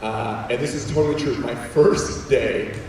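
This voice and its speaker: A young man from Puerto Rico, whose first language is Spanish, giving an animated comic story talk to a school assembly. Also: mid-range voice, measured pace. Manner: animated, jokey, quotes people in voices. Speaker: guest speaker. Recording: echoey hall, distant mic, faint room noise.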